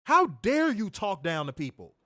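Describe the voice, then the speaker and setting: A man's voice: high-pitched, wildly swooping pitch, moderate pace, a bit bright, dry recording, clean studio sound. A man co-hosting a wrestling podcast, ranting with profanity and piling up rhetorical questions. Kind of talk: heated ranting commentary.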